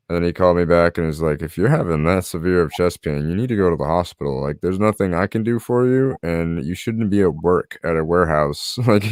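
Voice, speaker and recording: A man's voice: sits low, darkish tone, dry recording, studio quality. A young man hosting a podcast, telling a personal story in casual chat and acting out what others said. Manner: storytelling, acts out quoted voices. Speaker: podcast host.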